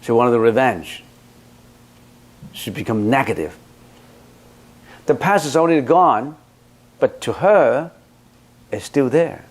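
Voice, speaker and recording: Man, Buddhist monk, dharma talk, blunt, emphatic, rhetorical questions, mid-pitched voice. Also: animated, slow, pauses often, breathy edge. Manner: blunt, scolding teacher.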